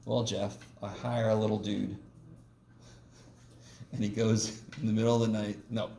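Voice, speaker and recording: A casual man lecturing a math class, recorded from across an echoey room with faint noise behind him. His voice has a gravelly edge, and he jokes and swears mildly as he teaches. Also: on the low side, level tone, normal speed, dark tone, distant mic. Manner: casual and joking, with mild swearing.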